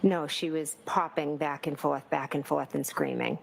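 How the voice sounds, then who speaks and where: Low gravelly-voiced woman testifying in court. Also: huge pitch swings, moderate pace, slight background noise, poor audio. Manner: hesitant, many fillers and restarts. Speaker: trial witness.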